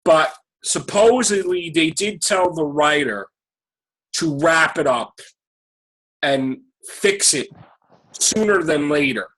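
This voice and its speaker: A man hosting a casual podcast, hoarse and losing his voice after being sick, eagerly cutting in to add details. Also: a little high, lively intonation, takes it slowly, pauses often, fairly bright tone, rough recording. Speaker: podcast host. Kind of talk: casual chat.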